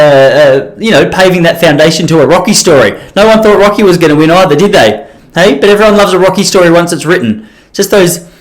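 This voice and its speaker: A man hosting a solo podcast, rambling and self-deprecating, with many restarts. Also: fairly high pitch. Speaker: podcast host.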